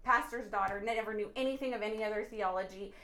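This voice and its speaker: A woman on a podcast sharing an animated faith testimony, earnest and preachy, often bursting into laughter and exclamations. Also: mid-range voice, fast. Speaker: podcast guest. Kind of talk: excited faith testimony chat.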